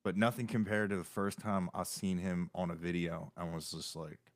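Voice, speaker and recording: A man's voice: deep voice, flat delivery, normal speed, no echo, clean studio sound. A man hosting a podcast in casual chat, easygoing and quoting his own reactions. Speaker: podcast host.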